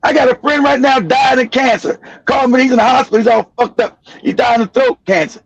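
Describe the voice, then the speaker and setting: A middle-aged man hosting a stream, blunt and profane, often laughing and shouting. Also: very high voice, a little fast, gravelly, slightly rough, dry recording, muffled recording. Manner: blunt, profane, laughs a lot, mimics callers. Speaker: show host. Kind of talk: loud unfiltered commentary.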